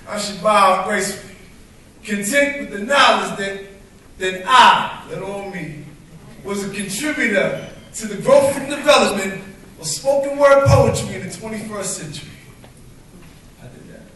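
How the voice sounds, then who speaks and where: A man's voice: sits high, expressive, moderate pace, long pauses, pushed and bright. A man performing spoken word poetry at a live open mic, with a rhythmic, emphatic delivery into a stage microphone. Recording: very echoey room from far off, faint noise.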